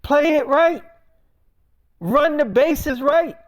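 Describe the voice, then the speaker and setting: A vain, threatening celebrity woman, put on by a man in an improvised comic monologue. She swaggers, swears and talks down to her rival in a high voice. The sound is dry and close, with no room around it. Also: animated, very slow, no room sound, exaggerated voice. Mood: bossy. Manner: swaggering, profane, talks down to the listener.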